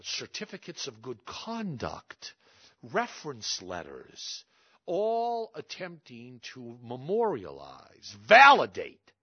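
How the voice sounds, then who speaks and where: A man giving an emphatic storytelling talk, full of pauses and asides to the audience. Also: mid-range voice, husky, no echo, highs cut off. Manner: emphatic, dramatic pauses, repeats "you see". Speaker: public speaker.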